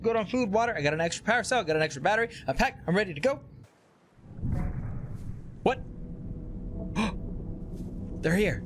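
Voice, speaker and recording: A man giving excitable let's play commentary, narrating his gameplay and shouting at scares. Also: sits high, quick pace, pauses often, background noise. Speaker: gameplay recap host. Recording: commentary over game music.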